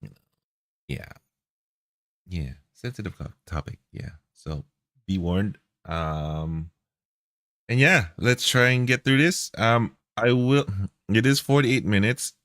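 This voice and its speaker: A man's voice: fairly low pitch, takes it slowly, pauses often, a bit bright, no room sound, studio quality. A man streaming a reaction video, talking in a heated, profane, repetitive way.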